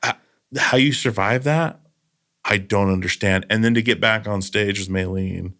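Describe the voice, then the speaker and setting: A man with a lowish voice hosts a casual podcast chat. He tells stories earnestly and drifts into loose asides. The sound is a close studio microphone. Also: moderate pace, pushed and bright. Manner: storytelling, earnest, trailing asides. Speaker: podcast host.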